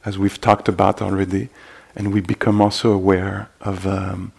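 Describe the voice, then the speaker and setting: Meditation teacher, male, low and even-toned, gravelly, hesitant delivery. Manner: halting, full of fillers and gentle asides. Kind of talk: dharma talk. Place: meditation retreat hall.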